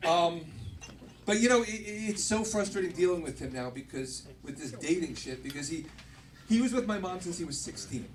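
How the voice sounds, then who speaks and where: High-voiced rambling stand-up comic. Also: male voice, lively intonation, normal speed, crowd noise. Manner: rambling, self-interrupting punchlines. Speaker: stand-up comedian and host. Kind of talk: stand-up comedy. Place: comedy club stage. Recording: distant mic, loud live audience. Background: audience laughter.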